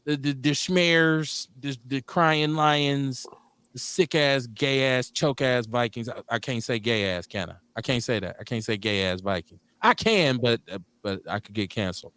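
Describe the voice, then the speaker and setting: A middle-aged man from Milwaukee, hosting a casual radio talk show in an animated, profane way, laughing often. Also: mid-range voice, normal speed, clear, resonant tone. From Milwaukee, Wisconsin. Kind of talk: casual chat.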